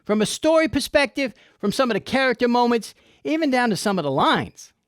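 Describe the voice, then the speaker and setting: A man's voice: very high voice, big pitch swings, fairly quick, no room sound. A man hosting a comic episode review, with irreverent, folksy and profane wit. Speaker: host.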